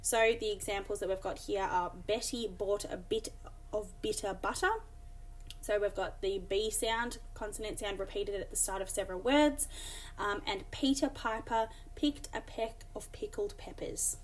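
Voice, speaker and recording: Woman teacher, mid-pitched, explanatory, filler-heavy lesson delivery. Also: fairly even intonation, normal speed. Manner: explanatory, many fillers, reads examples aloud. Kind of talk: recorded classroom lesson.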